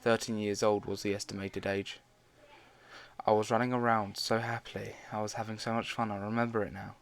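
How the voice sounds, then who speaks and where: A man's voice: on the low side, level tone, a little fast, creaky. A man casually reading fan fiction aloud, stumbling now and then and dropping in his own side comments.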